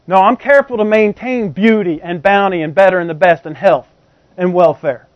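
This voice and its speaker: A man's voice: high voice, normal speed, no echo. A man preaching a teaching sermon in a conversational way, explaining with everyday examples and often checking that his congregation is following. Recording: slightly dull, muffled recording.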